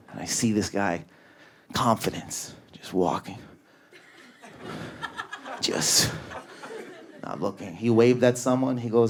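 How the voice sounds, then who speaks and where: A man performing stand-up comedy in a club, telling stories in an animated way and acting out his family members. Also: on the low side, measured pace, pauses often. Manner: animated storytelling, acts out family members, grows loud and excited.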